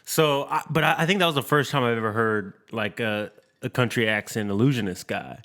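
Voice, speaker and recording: Guy cohost, chatty, laughs a lot, bright voice. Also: medium pitch. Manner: chatty, laughs often, quick to react. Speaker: podcast co-host. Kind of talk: casual chat.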